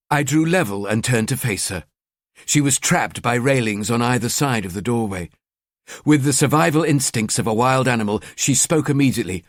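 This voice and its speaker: A man narrating a crime thriller audiobook in the first person, with a cold, measured delivery. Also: mid-range voice, expressive, dry recording, studio quality.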